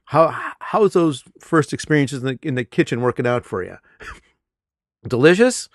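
A middle-aged man, a teacher, telling classroom stories in casual conversation, animated and laughing often. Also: mid-range voice, measured pace, dry recording, studio quality. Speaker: English teacher.

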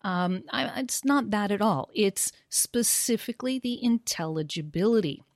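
A woman in casual discussion, speaking in a measured, thoughtful, academic way. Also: medium pitch, animated, no echo, clean studio sound. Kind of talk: casual discussion on teaching pronunciation.

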